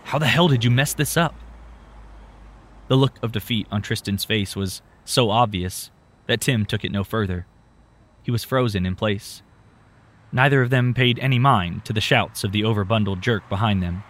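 A man reading a story aloud in a steady, measured narration. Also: fairly low pitch.

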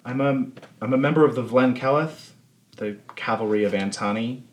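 A man's voice: mid-range voice, normal speed, slight background noise, close to an everyday voice. A man voicing a furious, stressed female elf cavalry soldier who curses bluntly, in a tabletop game. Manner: heated, cursing, blunt.

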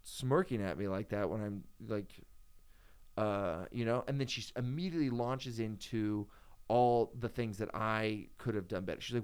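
A man in a relaxed podcast conversation, his voice sitting at an ordinary middle pitch. He rambles, stops and restarts, padding his sentences with fillers as he works through a story. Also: normal speed, clear, resonant tone. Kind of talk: casual chat.

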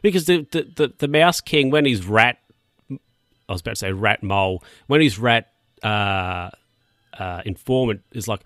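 A man's voice: lowish voice, animated, moderate pace, a bit bright, dry recording, clean studio sound. A man casually recapping a film plot in a rambling, jokey way, with crude asides and lots of restarts. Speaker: film reviewer.

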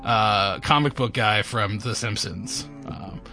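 A man running a tabletop game as game master, rambling and filling pauses with ums. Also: lowish voice, creaky, pushed and bright, faint music behind. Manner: rambling, many fillers.

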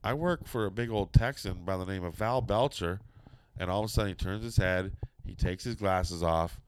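A man's voice: low voice, normal speed, slight background noise. A middle-aged man telling a long, profane anecdote in casual chat, acting out the people in it. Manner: profane, animated storytelling with quoted voices.

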